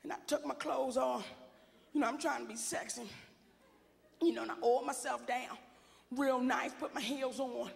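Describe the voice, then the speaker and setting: A woman performing a stand-up comedy set, bold and sassy, shouting out her punchlines. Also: high voice, fairly even intonation, moderate pace, vocal fry, long pauses, in a large hall.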